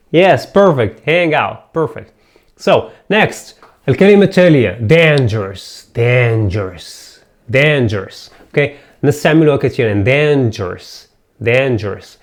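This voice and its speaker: A man teaching English pronunciation, repeating each word and asking learners to say it back after him. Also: mid-range voice. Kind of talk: pronunciation drill lesson.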